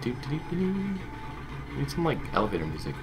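A man's voice: medium pitch, wildly swooping pitch, fast talker. A man casually commenting on a video game with friends, sarcastic and jokey. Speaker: gamer playing with friends. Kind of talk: casual let's play chat.

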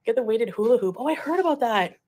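Streaming live, a woman chats casually with her viewers, reading their comments and laughing a lot. Her voice is a little high and dark in tone, and she talks fast and animatedly.

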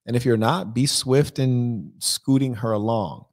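A man hosting an advice livestream, giving blunt, measured answers to viewers' questions. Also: medium pitch. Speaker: life coach host.

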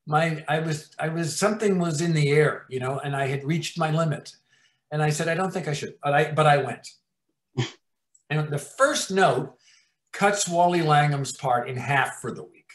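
Profane animated male storyteller. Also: a little high. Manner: profane, animated, acts out scenes. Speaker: TV writer-producer guest. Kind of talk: anecdotal storytelling in an interview. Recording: roomy echo.

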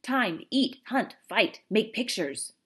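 A woman reading aloud, voicing a tiny, proud, stern warrior man who speaks in loud, clipped, broken phrases. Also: lowish voice, expressive, measured pace, husky. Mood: demanding.

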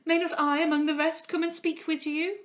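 A woman's voice: very high voice, little pitch movement, fairly quick, voice pushed up. A woman reading aloud and voicing a devoted young maid, effusive and breathless with joy. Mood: overjoyed. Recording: dull lo-fi recording.

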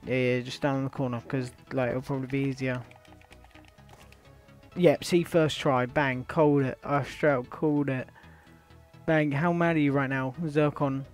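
A man's voice: mid-range voice, fairly even intonation, normal speed, soft background music. A young British man hosting gaming commentary. He is brash, swears a lot and trash-talks his online opponent. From Britain. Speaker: gaming YouTuber host.

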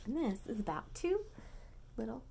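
Expressive woman reading a bedtime story. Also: a little high, moderate pace, vocal fry, slight background noise. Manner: gentle, expressive, coaxing. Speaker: storybook reader.

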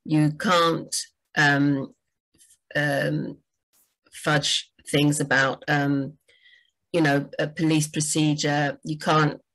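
A woman who works as a book doctor gives enthusiastic, chatty writing advice on a livestream, using frequent fillers. Her voice is low-pitched and a bit bright, and the recording is rough.

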